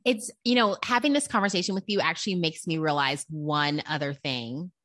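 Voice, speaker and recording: A woman's voice: low voice, fairly quick, fairly bright tone. A young adult woman, a mother co-hosting a parenting podcast, talking reflectively and thinking aloud. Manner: reflective, thinks aloud, acts out her kids' voices. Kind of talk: casual chat.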